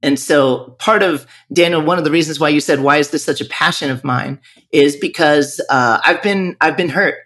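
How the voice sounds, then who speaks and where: A northern Virginia music school owner gives a candid, reflective podcast interview at a moderate pace. His pitch is fairly high and his tone fairly bright. He often breaks off and begins his sentences again.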